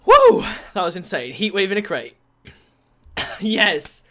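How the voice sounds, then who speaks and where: A young man giving excited commentary as a gaming YouTuber, easily bursting into shouts and laughs. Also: sits high, measured pace. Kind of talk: excited game-opening commentary.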